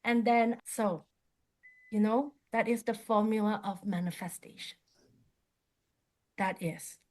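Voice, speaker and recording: A woman's voice: mid-range voice, fairly even intonation, slow pace, a little mellow. A woman qigong teacher telling a personal story in a workshop, acting out the dialogue in simple English and laughing often.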